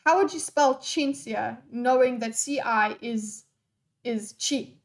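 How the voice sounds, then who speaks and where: High-voiced, playful woman streamer. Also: takes it slowly. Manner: scattered, swears freely, playful. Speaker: live streamer reading chat. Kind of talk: unscripted live-stream chat.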